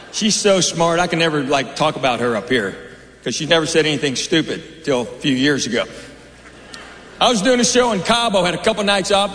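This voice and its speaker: Comedian on stage, echoey hall. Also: male voice, a little high, fairly bright tone. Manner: dry, conversational storytelling with asides to the crowd. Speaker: stand-up comedian. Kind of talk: stand-up comedy set. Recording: roomy hall reverb, faint noise.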